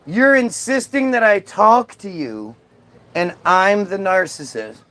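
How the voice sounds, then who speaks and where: A man's voice: sits high, expressive, takes it slowly, a bit bright. A man ranting sarcastically and profanely on a live stream, mocking someone in chat. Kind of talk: heated live-stream rant.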